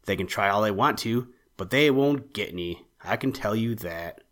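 A man's voice: fairly low pitch, animated, normal speed, fairly bright tone. A man reading the part of a young male rabbit who asks eager, innocent questions. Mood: polite. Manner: eager, wide-eyed questioning.

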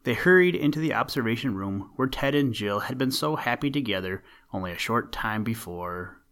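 A man reads a storybook aloud at a measured, even pace. His voice is mid-pitched and plain, with no strong coloring. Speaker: narrator. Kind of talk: storybook reading.

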